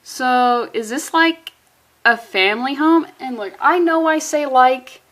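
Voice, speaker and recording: A woman's voice: high voice, slow, fairly bright tone. A woman reviewing a comic book in a sarcastic, exasperated way, swearing freely and using valley-girl phrasing.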